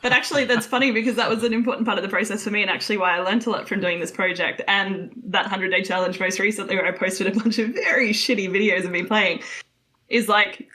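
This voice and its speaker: Fast-talking bright woman. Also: mid-range voice. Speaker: podcast guest, book co-author. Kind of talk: casual chat.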